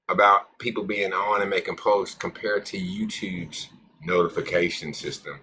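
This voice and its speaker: A man's voice: lowish voice, pushed and bright, slight background noise. A man hosting a casual live stream, rambling, joking with his viewers and cursing freely. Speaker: cannabis live-stream host.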